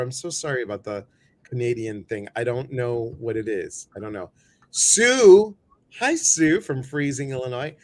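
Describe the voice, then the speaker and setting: A middle-aged man hosting a live stream, greeting viewers by name in a playful, jokey way, often jumping his voice up high. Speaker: host of a live show.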